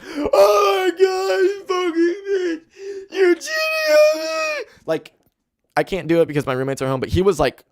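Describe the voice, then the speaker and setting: Young male podcast host, rambling profane storyteller, clear smooth voice, dry close mic. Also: mid-range voice, dry recording. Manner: rambling, animated, profane, with filler "like". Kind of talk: casual storytelling. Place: home room.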